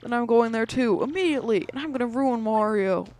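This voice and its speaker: A blustering turtle-dragon king from a video game, shouting and indignant, his voice pushed high and loud above the player's usual talk, as a let's player puts him on. He bellows every line with hot-headed bluster. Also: a little slow, soft background music, natural voice. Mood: excited.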